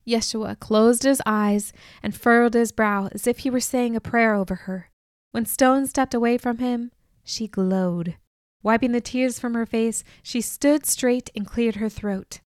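A woman reading a novel aloud as first-person narrator, in a measured, even manner. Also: fairly high pitch, clean tone, no room sound, studio quality. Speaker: audiobook narrator.

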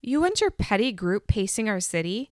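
A woman's voice: mid-range voice, very animated, moderate pace, dry recording, natural voice. Storybook menace: a woman doing a small girl, cold and scornful, dry close sound. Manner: contemptuous, threatening.

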